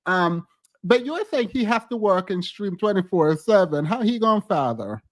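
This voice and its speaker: A man co-hosting a casual live-stream commentary, animated and laughing as he mocks chat commenters. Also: high-pitched, moderate pace, no echo.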